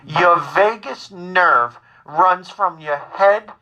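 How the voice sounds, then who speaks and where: A man voicing an older mother who calmly and slowly insists, worried about her son. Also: sits high, full character voice, poor audio. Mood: calmly nagging. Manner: slow, deliberate, calmly insistent.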